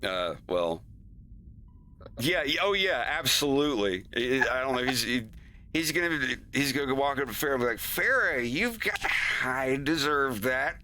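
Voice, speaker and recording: A man's voice: mid-range voice, lively intonation, moderate pace, sharp tone. A man chatting casually on a stream about his cartoon's scenes, rambling, laughing often and acting out his characters' lines. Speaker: animator streaming his work.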